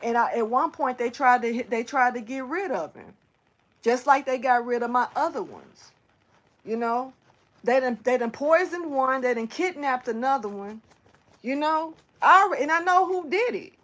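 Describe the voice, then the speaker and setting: Animated, slangy woman telling a story. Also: high-pitched, moderate pace. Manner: animated, swearing, slangy, talks straight to viewers. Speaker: spiritual reader. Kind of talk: casual storytelling to camera.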